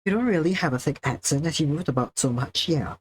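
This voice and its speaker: A man's voice: on the high side, animated, fast, breathy edge. A young man from Singapore with a Singaporean accent, chatting casually on a livestream with careful, precise enunciation and a projected presenter's delivery. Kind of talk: casual chat while drawing, answering chat.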